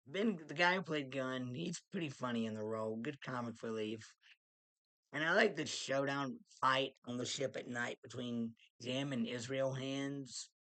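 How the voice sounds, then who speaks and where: A male movie reviewer who talks casually and without a script. He trips over his words, stops partway and starts sentences again. His voice sits at a plain, ordinary middle pitch. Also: fairly bright tone, low-quality recording. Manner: rambling, halting, many restarts. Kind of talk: casual spoken film review.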